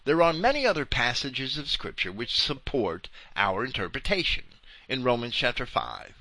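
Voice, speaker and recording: A man giving a slow, deliberate verse-by-verse Bible commentary, pushing up hard on the words he wants to stress. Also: mid-range voice, very animated, pushed and bright, no echo. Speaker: preacher teaching scripture.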